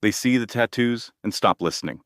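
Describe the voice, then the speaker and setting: A man reading the lines of a determined, frustrated young woman, in a sharp but steady manner. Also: mid-range voice, a little fast, no room sound, clean studio sound, lightly acted. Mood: defiant. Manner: sharp, steady, pushes back.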